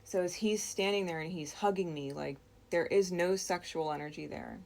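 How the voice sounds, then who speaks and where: Low, gravelly woman for a dream-story read: unhurried, reflective, halting. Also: a little mellow. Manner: slow, reflective, with frequent pauses and restarts. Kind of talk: recounting a dream.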